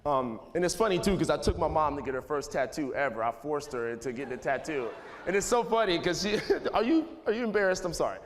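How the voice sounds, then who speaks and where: A man's voice: fairly high pitch, expressive, fast, hardly any pauses. A man in his thirties gives a casual motivational talk to students in a school auditorium, rambling loosely and filling his speech with "like" and "you know". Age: 30s. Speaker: speaker addressing students. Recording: echoey hall with faint noise.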